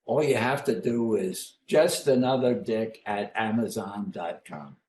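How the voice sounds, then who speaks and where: A man, an author, reflecting thoughtfully in an interview, halting with many pauses. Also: lowish voice, a little mellow, roomy sound, a little hiss or hum. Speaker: author guest.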